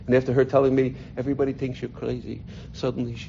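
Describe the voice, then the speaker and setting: A man's voice: medium pitch, quick pace, vocal fry, mellow, slightly rough. A middle-aged man telling a personal story to a gathering, heartfelt and full of restarts, in a dull lo-fi recording. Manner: heartfelt, repeats words often while searching for them. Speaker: speaker telling his life story.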